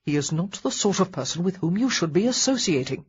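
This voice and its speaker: A woman reading as a brusque young gentleman. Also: on the low side, big pitch swings, brisk, slightly rough, muffled recording, exaggerated voice. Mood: exasperated. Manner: curt, blunt statements.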